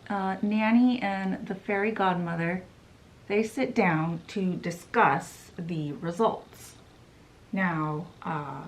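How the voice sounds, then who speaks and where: Slow-talking woman retelling a book. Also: on the low side, a bit bright. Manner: chatty, quotes characters with "she's like". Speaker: beauty and book vlogger. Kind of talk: casual book summary retelling.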